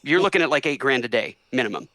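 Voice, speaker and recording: A man telling a long story as a podcast guest in a casual, animated way, acting out the people he quotes. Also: medium pitch, fast talker, no echo, poor audio. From Orlando, Florida area. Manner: animated, acts out voices in quotes.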